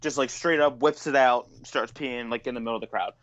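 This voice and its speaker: A man's voice: mid-range voice, fairly even intonation, brisk, fairly bright tone. A man in an ordinary middle register co-hosts a podcast, spinning a long story and ranting with plenty of swearing. His voice comes through a dull, slightly lo-fi recording with the top end rolled off. The delivery is loose, casual chat. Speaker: podcast co-host.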